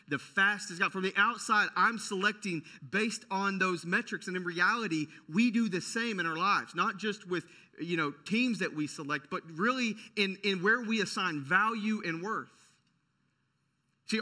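A young adult man preaching a sermon as pastor, energetic and conversational, with frequent restarts. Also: sits high.

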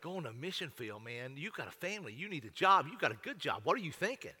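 A man's voice: a little high, very animated, quick pace, pushed and bright, husky, full character voice. A man voicing a discouraging friend who talks someone out of a hard choice. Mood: dismissive. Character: discouraging naysayer friend, adult. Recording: long hall reverb.

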